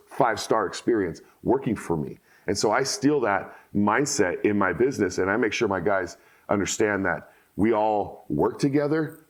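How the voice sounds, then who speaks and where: A man hosting a podcast, talking bluntly and telling animated stories in casual conversation. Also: on the low side. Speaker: podcast host.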